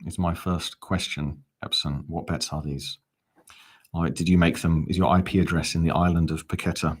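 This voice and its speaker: Man, deep-pitched, casual fan commentary, live watch-along, wry, reads viewer comments. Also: a little fast, a little mellow. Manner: chatty, reads out viewer comments, dry asides.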